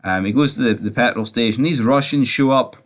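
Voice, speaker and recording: A man rambles through a movie review in a loose, chatty way at an ordinary middle pitch. He swears freely and keeps tossing quick questions at his listener. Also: a bit bright. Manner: rambling and chatty, swears, tags lines with "right?". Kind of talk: casual movie review monologue.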